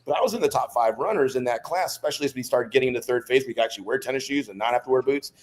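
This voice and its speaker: A man's voice: medium pitch, rapid-fire. Laughing storyteller man in his fifties. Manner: animated storyteller who laughs between anecdotes. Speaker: podcast guest, former Navy SEAL. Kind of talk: casual storytelling interview.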